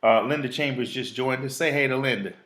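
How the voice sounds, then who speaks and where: A man's voice: mid-range voice, brisk, a bit bright. A man hosting a live talk show, reading out a reflective piece in an earnest, preachy way and chatting casually with a phone guest.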